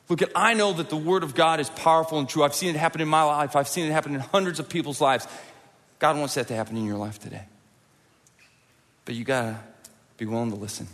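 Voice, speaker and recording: Middle-aged male pastor, animated conversational sermon, slightly high voice, reverberant auditorium. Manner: animated, conversational, with acted-out quotes and audience prompts. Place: large church auditorium.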